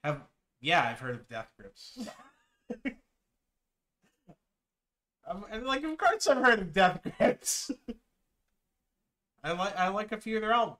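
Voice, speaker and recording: A man's voice: high voice, sing-song, slow pace, pauses often, pushed and bright. A young man casually commenting on videos as a streamer, laid-back, swearing and laughing often.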